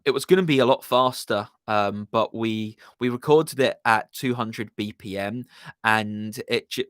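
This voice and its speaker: A man's voice: fairly low pitch, fairly bright tone, dry recording, clean studio sound. A man hosting a music live stream, chatting casually with viewers in a laid-back, rambling way and greeting them by name.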